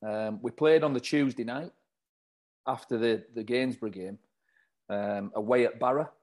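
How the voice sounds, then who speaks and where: A man's voice: medium pitch, moderate pace, darkish tone. A man, a former footballer, chatting as an interview guest, running through details from his notes and laughing often. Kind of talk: casual interview chat.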